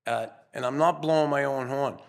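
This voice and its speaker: A man's voice: medium pitch, normal speed. An older man, a podcast guest, telling earnest, rambling stories in a casual interview. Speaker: guest, former pro hockey player.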